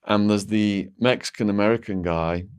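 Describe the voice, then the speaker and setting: Male guest, lowish voice, vivid storyteller who restarts his sentences and leans on "like". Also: fairly even intonation, normal speed, clean tone. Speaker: interview guest. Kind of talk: recounting a personal story.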